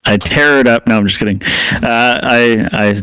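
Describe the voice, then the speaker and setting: A man's voice: medium pitch, moderate pace, bright, forceful tone, clear, resonant tone, no room sound. A man playing a tabletop game in a playful, self-mocking way, giggling often. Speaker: player. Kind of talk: tabletop role-play.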